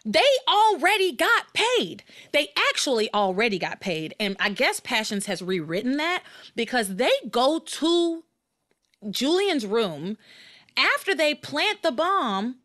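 A woman's voice: fairly high pitch, a little slow. A woman hosting a podcast, recapping and ranting in casual chat with lots of restarts. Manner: animated, exasperated, rambling with restarts. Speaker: podcast host.

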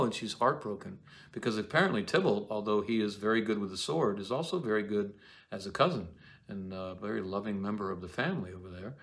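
A man giving a casual Shakespeare lecture, rambling and halting with many fillers and restarts. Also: fairly low pitch, a bit bright.

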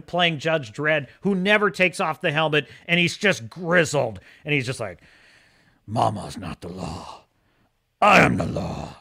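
A man hosts a casual livestream and talks in a sharp, bright tone. He is opinionated and emphatic, and he often says things twice for stress. His high voice swoops up and down all the time. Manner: opinionated, emphatic, repeats himself. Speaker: host of a streaming show.

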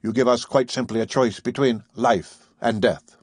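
An earnest, formal professor pleads his case politely, as a man reads him in an audiobook. The tone is slightly husky and dry. The pitch is middling. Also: fairly even intonation, moderate pace, no room sound, natural voice. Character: earnest male professor, captive and indignant. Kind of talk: audiobook character reading.

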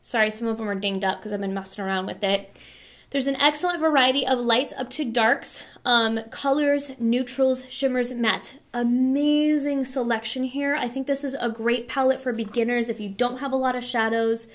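Hoarse, enthusiastic woman vlogger. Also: fairly high pitch, normal speed. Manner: enthusiastic, chatty. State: hoarse, losing her voice. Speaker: beauty vlogger. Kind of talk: product review vlog.

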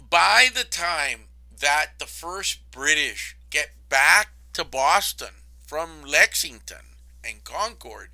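A man gives a history lecture in a loose, conversational way, sprinkling in "I mean" and "okay?". His voice is bright and forceful, sitting a little high for a man. When he quotes historical figures, he drops into a low, offhand mumble. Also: poor audio. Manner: casual, animated storytelling with frequent "okay?" and "I mean". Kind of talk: recorded college lecture.

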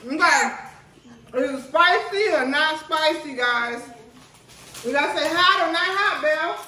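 Bright, high-voiced mom in echoey room. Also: female voice, a little slow, recorded from a distance, a little hiss or hum. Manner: lively, loud, coaxing the kids. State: mouth burning from spicy food. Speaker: mother hosting a family video. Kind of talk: casual family food challenge.

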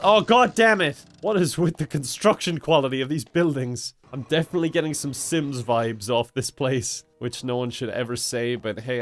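Young Irish gamer, sarcastic and self-mocking, mid-range voice, swears freely. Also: male voice, medium pitch. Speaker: gaming video host. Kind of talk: comedic let's-play commentary.

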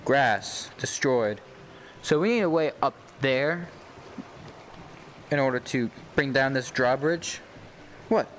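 Excitable young man cheering on his game. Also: mid-range voice, takes it slowly, pauses often, slight background noise. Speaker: YouTube gamer. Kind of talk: let's-play commentary.

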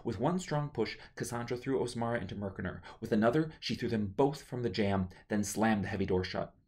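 A man reading his own novel aloud as a steady, measured audiobook narration. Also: lowish voice.

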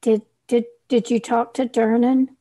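A woman's voice: on the high side, little pitch movement, unhurried, dark tone, dry recording. A woman playing a timid young tavern worker who talks in a meek, anxious way.

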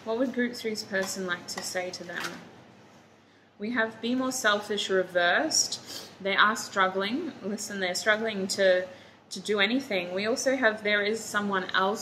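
A woman's voice: mid-range voice, unhurried, bright, forceful tone, a little hiss or hum, rough recording. A woman giving a casual tarot reading to her viewers, talking in a chatty, drowsy way and saying she is sleepy and foggy-headed. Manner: chatty, drowsy, talks to viewers as "you guys". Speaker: tarot reader.

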